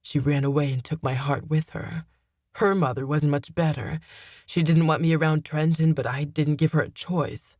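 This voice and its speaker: Woman doing a deep cold demon man. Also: steady tone, darkish tone, no echo, studio quality. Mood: menacing. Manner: cold, slow and menacing. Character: cold vengeful male demon father.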